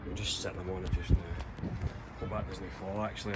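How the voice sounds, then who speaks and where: Chatty Scottish man, lower voice. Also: level tone, brisk, very noisy. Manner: chatty, explaining as he goes. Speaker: vlogger building a campervan. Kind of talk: casual walkthrough vlog. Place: inside a van under conversion.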